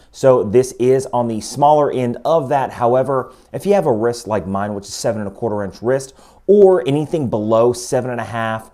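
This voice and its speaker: A man talking casually through a watch review, explaining each step and getting more excited as he goes. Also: mid-range voice. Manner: chatty, enthusiastic, explains step by step.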